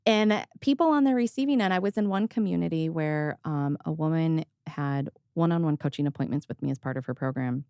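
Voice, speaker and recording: A woman's voice: low voice, brisk, hardly any pauses, dark tone, clear, resonant tone, dry recording, clean studio sound. A woman hosting a podcast, chatting casually and candidly, laughing often and swearing offhandedly. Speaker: podcast host. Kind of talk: casual conversational chat.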